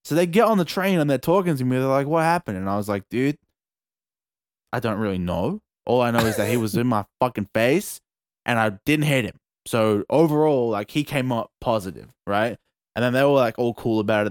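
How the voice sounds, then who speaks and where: A young man with an Australian accent telling a story in a casual chat, animated and swearing freely. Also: medium pitch, a little fast, no room sound, clean studio sound.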